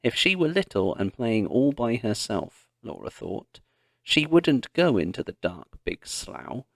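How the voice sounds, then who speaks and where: A man narrating a children's historical story in a deliberate read-along style. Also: medium pitch, sing-song, creaky, no echo, clean studio sound. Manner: slow, deliberate reading.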